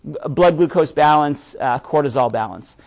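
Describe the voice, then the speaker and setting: A man's voice: fairly high pitch, a little slow, creaky, darkish tone. A man giving a live presentation to an audience, speaking conversationally and often checking in with "right?" as he explains. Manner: conversational, frequent "right?" tag questions; repeats words when restarting.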